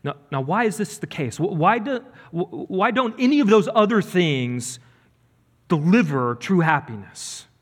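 A man's voice: sits high, big pitch swings, a little slow. A man preaching a sermon as pastor, earnest and emphatic, building and dropping his delivery. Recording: reverberant church hall.

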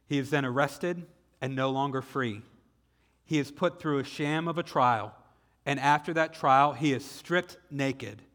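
Man, Southern US accent, pastor preaching, forceful bright tone, dramatic slow emphasis, long hall reverb. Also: medium pitch. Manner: dramatic retelling, slowing for emphasis. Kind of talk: sermon.

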